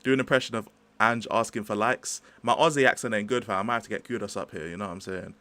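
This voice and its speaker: A man's voice: on the low side, fast talker, bright, forceful tone, dry recording. A young man hosting a livestream, ranting about football in a chatty, slangy, rambling way. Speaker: livestream host. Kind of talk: casual livestream football rant.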